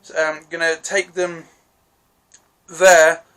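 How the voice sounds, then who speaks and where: A man with a bright, slightly high voice talks through a TV episode he has just watched. He rambles, restarts his sentences and keeps apologizing for getting names wrong. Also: little pitch movement, takes it slowly, clean tone. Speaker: TV review vlogger. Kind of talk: casual spoken episode recap.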